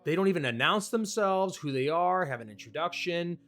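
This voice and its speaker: A man's voice: sits high, lively intonation, brisk, a bit bright, faint music behind. A man hosting a casual manga review, talking in a chatty, enthusiastic way with small restarts. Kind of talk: casual commentary.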